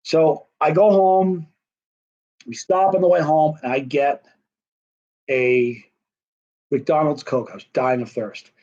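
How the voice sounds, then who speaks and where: Middle-aged man, casual rambling storyteller, slightly raised pitch, muffled lo-fi audio. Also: steady tone, takes it slowly, long pauses, darkish tone. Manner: rambling, conversational, with many fillers. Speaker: host telling a personal story. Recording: dull lo-fi recording.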